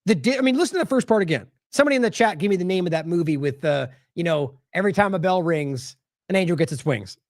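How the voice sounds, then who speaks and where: Male news-commentary host, fairly high and animated voice, sarcastic, close dry mic. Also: quick pace, no room sound. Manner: exasperated, sarcastic, scoffing laughs. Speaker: independent news show host. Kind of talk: casual commentary on played clips.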